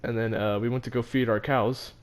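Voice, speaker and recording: A man's voice: medium pitch, fairly even intonation, brisk. A teenage boy telling a story about his school in a casual, rambling, self-mocking way, with many fillers and restarts. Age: teens. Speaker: vlogger.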